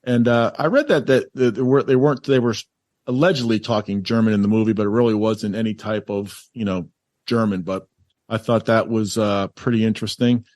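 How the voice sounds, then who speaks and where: A man's voice: fairly low pitch, steady tone, fairly quick, darkish tone, dry recording. Man chatting about a movie, dry sound. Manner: rambling, enthusiastic, lots of fillers. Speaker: podcast co-host. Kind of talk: casual movie chat.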